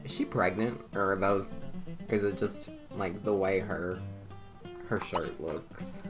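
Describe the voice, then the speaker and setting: Low-voiced woman chatting over game music. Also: takes it slowly. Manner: chatty, swears freely, laughs often. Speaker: gameplay commentator. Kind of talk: casual let's-play commentary. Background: loud game music.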